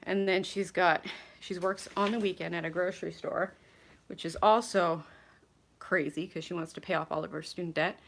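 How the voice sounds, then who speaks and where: A chatty woman in her thirties from Canada, talking on a casual home vlog in a fairly low voice. She rambles, apologizes often and pokes fun at herself. Faint background noise sits under her voice. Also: fairly even intonation, normal speed, gravelly, a bit bright. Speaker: vlogger. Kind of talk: casual live vlog chat. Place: home, moving between rooms.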